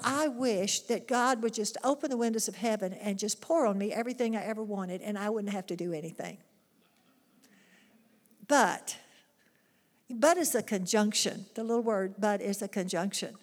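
A woman delivers a sermon, earnest and emphatic, asking her listeners rhetorical questions. Her voice sits fairly high. A long reverb trails her words as in a large hall. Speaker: preacher.

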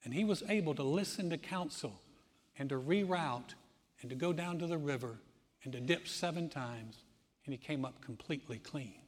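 A man preaching a sermon as pastor, telling stories with lively acted-out quotes. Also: fairly high pitch, moderate pace, in a large hall. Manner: animated storytelling, acting out quoted voices.

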